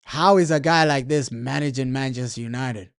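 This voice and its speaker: A man's voice: medium pitch, moderate pace, clear, resonant tone. A man streaming a football watchalong, talking casually in heavy slang and ranting over and over about his team's manager. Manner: slangy, repetitive, frustrated ranting. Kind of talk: casual live match commentary.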